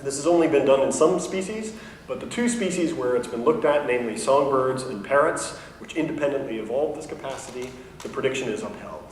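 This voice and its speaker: A university professor giving a conversational science lecture, explaining with light humor and correcting himself along the way. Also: male voice, mid-range voice. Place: lecture hall. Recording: echoey hall, mic at a distance, faint noise.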